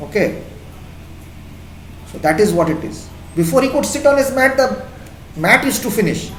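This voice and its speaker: A man's voice: high voice, lively intonation, normal speed, a bit bright, a little hiss or hum. A man with an Indian accent giving an impassioned classroom lecture as a teacher. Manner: impassioned, emphatic. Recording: echoey classroom.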